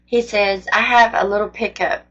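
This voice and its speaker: A woman shares her personal faith testimony in an earnest, rambling, conversational way. Her voice sits at an ordinary pitch and comes through a dull, lo-fi recording. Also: steady tone, moderate pace, fairly bright tone. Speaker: faith storyteller. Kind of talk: personal testimony, casual storytelling.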